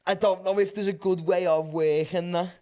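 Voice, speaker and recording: A man, co-hosting a podcast in casual chat, eager and quick to laugh. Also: sits high, steady tone, a little mellow. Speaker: podcast co-host.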